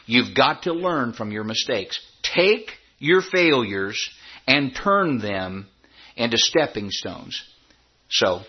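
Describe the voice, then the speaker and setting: A man's voice: mid-range voice, husky, dull audio. A middle-aged man preaching a sermon, emphatic, repeating phrases and stretching key words for effect. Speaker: pastor.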